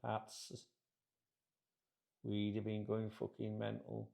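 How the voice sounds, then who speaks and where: A middle-aged man sits in his chair like a football channel host, grumbling to camera in a rambling, sweary, casual rant. His slightly low voice is heavily gravelly, and he speaks slowly in a completely flat, dark tone.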